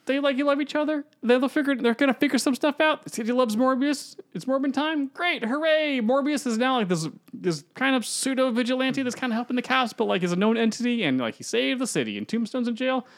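Brief: young male podcast co-host, high voice, rambling and excitable. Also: fairly quick, few pauses. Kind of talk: casual chat.

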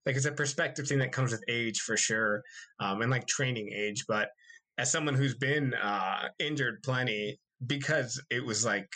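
A man's voice: medium pitch, moderate pace. A young man co-hosting a podcast, chatting casually and rambling with lots of fillers. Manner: relaxed, rambling with frequent fillers and laughs. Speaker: podcast co-host. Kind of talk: casual chat.

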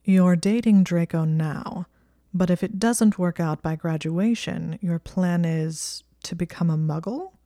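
Lady reading as a sardonic schoolboy wizard, drawls and mocks, soft dark tone. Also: on the low side, a little slow, no echo, clean studio sound. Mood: mocking. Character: smug teenage wizard boy, sardonic.

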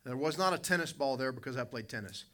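Bright-voiced storytelling pastor, a man. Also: mid-range voice, quick pace, slight background noise. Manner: storytelling, animated, with sudden loud bursts. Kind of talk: sermon.

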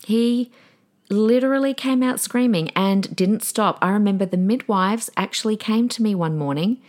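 A woman's voice: medium pitch, normal speed, darkish tone. A woman in her thirties hosting a solo podcast, chatty and encouraging, with small restarts as she talks. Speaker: podcast host.

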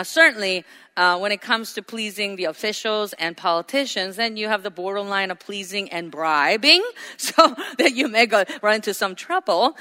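A woman delivers a sermon with a bright, clear voice, chatting with plenty of ums and uhs. She slips into playful voices for quoted people. Her voice rings with long reverb in a large hall. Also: medium pitch. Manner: conversational, many fillers, playful voices for quoted people and pets. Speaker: preacher.

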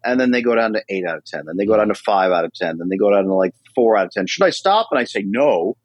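A man talking casually as a guest on a podcast about controlling anxiety, telling animated stories and acting out his friends' voices. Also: fairly low pitch, racing, no room sound, lo-fi sound.

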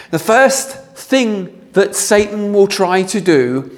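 A man's voice: high-pitched, lively intonation, slow, few pauses. A man preaching a sermon to a congregation in a conversational way, joking and asking the room questions.

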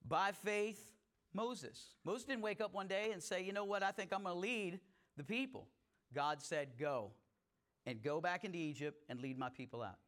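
A middle-aged man with a notably high voice, preaching to his congregation. He talks conversationally, mixing folksy asides with emphatic, building points. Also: a bit bright. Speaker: pastor. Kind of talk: sermon.

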